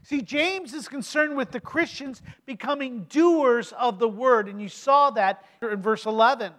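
Middle-aged pastor, very high voice, emphatic sermon delivery with rhetorical questions. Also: male voice, a bit bright. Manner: emphatic preaching with rhetorical questions and slow stressed phrases.

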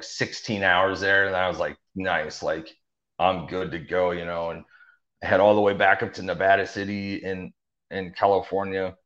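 A young man appearing as an interview guest tells his story in a loose, rambling way, full of fillers and restarts. His voice is low-pitched with a fairly bright tone, and the audio is dull and lo-fi.

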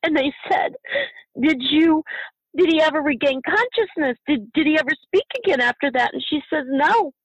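A middle-aged bereaved mother, a guest in an emotional interview, speaking passionately and haltingly, repeating herself, at times near tears. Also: high voice, dry recording, highs cut off.

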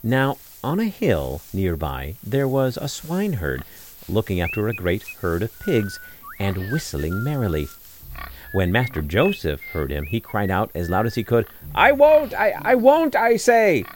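A man narrating a fairy tale in an expressive storytelling style, with wry asides. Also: deep voice, measured pace, slight background noise.

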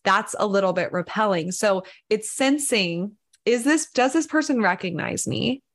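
A woman at an ordinary mid pitch, talking in a relaxed podcast conversation. She explains ideas earnestly and keeps slipping into acted-out quotes of what people might say. Her speech is loose and flowing, sprinkled with "like.". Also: normal speed.

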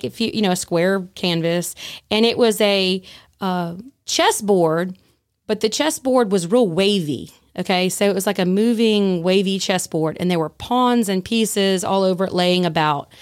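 A woman guest on a podcast, telling a story in a casual, animated way and acting out the dialogue. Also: mid-range voice, normal speed. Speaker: guest, former prison staff.

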